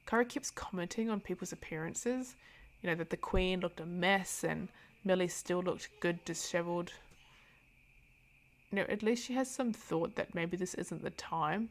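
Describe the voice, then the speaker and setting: A woman talks through a novel in a casual review vlog, blunt and sarcastic, with animated asides. Her voice is low-pitched and gravelly with steady vocal fry. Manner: candid, sarcastic, animated commentary. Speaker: book reviewer.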